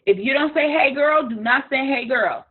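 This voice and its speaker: A woman business coach, leading a live coaching session in a frank, animated way. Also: high voice, brisk. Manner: animated, frank, imitates others playfully. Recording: tinny phone-like line.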